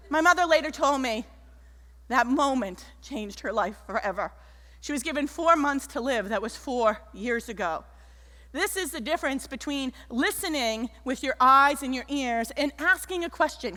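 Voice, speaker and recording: Woman on stage doing a keynote, high bright voice, big hall echo. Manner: animated, acts out the people in her stories. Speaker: keynote speaker. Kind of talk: motivational stage talk with storytelling. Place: large auditorium stage. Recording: echoey auditorium.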